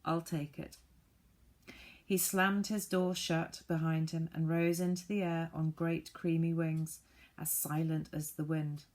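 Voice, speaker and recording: A woman reading a children's storybook aloud, gently voicing the characters. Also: sits low, level tone, measured pace. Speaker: audiobook reader.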